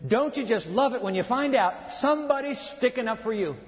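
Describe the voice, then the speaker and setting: A high-voiced man preaches with emphatic swings from booming to hushed. His voice carries a long reverb from a large hall, and the sound is slightly dull. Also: expressive, brisk. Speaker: pastor. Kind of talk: sermon.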